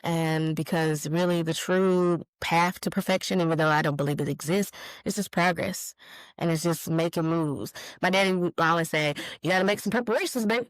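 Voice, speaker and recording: A woman in her forties talks through her solo podcast, candid and frank, with a fairly low voice. The sound is dry and close, with no room around her. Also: moderate pace, clear, resonant tone, dry recording, low-quality recording. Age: 40s. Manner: candid, animated storytelling with swearing and laughter. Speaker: podcast host. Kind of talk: casual solo podcast, live-streamed.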